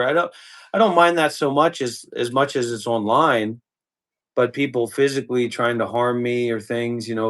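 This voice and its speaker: A man who streams live, talking in a casual, halting way with restarts, sounding tired. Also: mid-range voice. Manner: rambling, halting, repeats words. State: tired, yawning. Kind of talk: casual chat.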